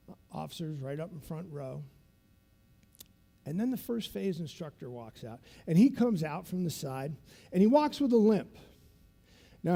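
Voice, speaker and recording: A man's voice: on the high side, gravelly, warm tone. A man in his fifties giving a motivational keynote, telling a vivid story and checking in with the audience as he goes. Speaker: keynote speaker.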